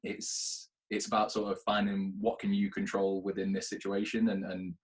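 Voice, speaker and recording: Podcast guest: man, fairly low voice, earnest and reflective, easy laugh. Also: completely flat delivery, moderate pace, poor audio. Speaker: podcast guest, actor and business owner. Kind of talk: casual podcast chat.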